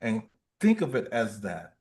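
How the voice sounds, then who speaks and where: A man's voice: fairly low pitch, wildly swooping pitch, unhurried, darkish tone. A man hosting a casual livestream, playful and reading viewer comments aloud. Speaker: livestream host.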